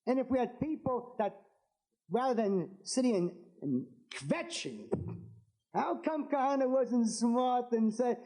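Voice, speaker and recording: Male rabbi addressing a rally crowd, high and very lively pitch, fervent, hammers home repeated lines. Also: a little slow, poor audio. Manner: fervent, repetitive, builds to emphatic declarations. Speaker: rabbi and political speaker. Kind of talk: impassioned political speech to an audience.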